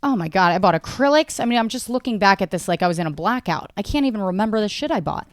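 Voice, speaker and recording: A woman's voice: medium pitch, expressive, fast talker, few pauses, dry recording. An American woman in her thirties hosting a podcast, rambling through a casual solo monologue, self-mocking and swearing often. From United States. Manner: talks to her dog mid-show. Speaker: podcast host.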